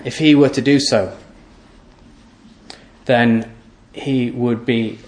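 A man preaching a sermon, emphatic and repetitive, asking rhetorical questions and letting his voice sink low and quiet at the ends of phrases. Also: fairly even intonation, extremely slow, echoey room. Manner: voice often drops low and soft at the end of phrases.

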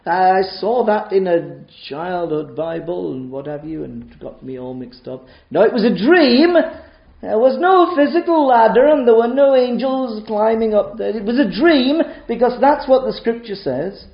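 A man with a high voice preaches a sermon in a roomy church, the sound a little dull. He presses his points with rhetorical questions and rises and drops sharply in loudness. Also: animated, normal speed, gravelly. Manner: emphatic, rhetorical questions, wide swings in loudness.

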